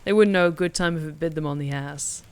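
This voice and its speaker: A woman voicing a gruff, brooding male killer in a dating game, speaking low and menacing. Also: quick pace, slight background noise, natural voice.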